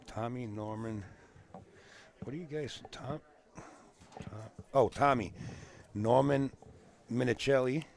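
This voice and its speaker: A man's voice: medium pitch, slow, creaky, long pauses, darkish tone. A man doing casual live commentary on a pool match, chatting and answering viewer comments.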